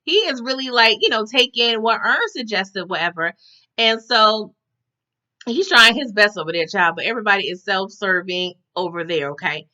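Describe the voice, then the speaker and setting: A woman's voice: mid-range voice, animated, moderate pace, bright, forceful tone, highs cut off. A woman recapping a TV episode in casual chat, often tagging her sentences with "okay?". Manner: chatty, tags lines with "okay?".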